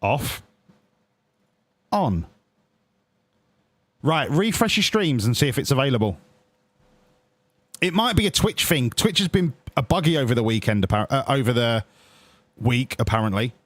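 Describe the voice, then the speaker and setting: Sweary, animated streamer. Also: male voice, medium pitch, normal speed, dry recording. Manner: excitable, sweary, talks to viewers and his players. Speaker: game streamer. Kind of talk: casual live-stream commentary.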